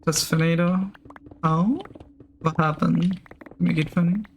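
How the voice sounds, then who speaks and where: A man's voice: a little high, fairly even intonation, a little slow, slight background noise. A man from Switzerland with a Swiss French accent, chatting casually on a live gaming stream, rambling with many fillers and restarts as he answers chat.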